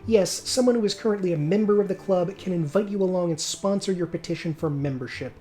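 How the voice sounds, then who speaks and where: A man's voice: high-pitched, quick pace, warm tone, faint music behind, voice pushed up, natural voice. A man voicing a polite, prim female secretary who guards a club's door. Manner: polite, crisp, gatekeeping.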